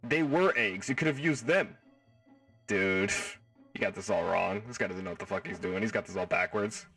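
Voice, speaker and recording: Male streamer, playful and jokey, animated swinging pitch, sits back from the mic. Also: moderate pace, creaky, distant mic, faint music behind. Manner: playful, jokey, swears freely. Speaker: live stream host. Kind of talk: casual live stream chat reading. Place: home.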